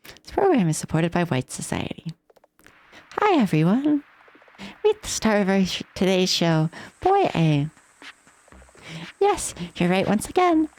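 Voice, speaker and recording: A woman's voice: mid-range voice, wildly swooping pitch, measured pace, long pauses, darkish tone, low-quality recording. A woman voicing a gleeful, sadistic female TV game show host in a mocking, theatrical way. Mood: chirpy. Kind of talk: voicing game dialogue on stream.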